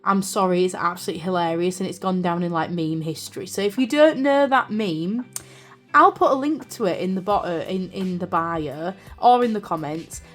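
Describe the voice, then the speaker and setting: A young British woman chatting casually as she films a vlog about her journal, rambling with fillers and quick apologies, recorded on a camera on a desk stand. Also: mid-range voice. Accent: British English. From United Kingdom. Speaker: journaling vlogger. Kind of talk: casual chat. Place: craft room indoors.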